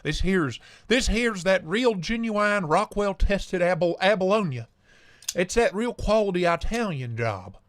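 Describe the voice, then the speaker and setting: A man voicing an old Southern grandpa back from the dead, with a Southern accent and a slow, folksy, rambling drawl. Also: high-pitched, expressive, fairly bright tone, dry recording, studio quality.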